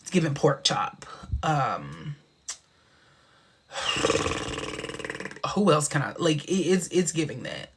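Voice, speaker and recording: A man's voice: gravelly, background noise. Sassy, chatty man hosting a live stream. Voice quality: big booming laugh. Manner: sassy, chatty, drawn-out expressive delivery. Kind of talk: casual live-stream chat.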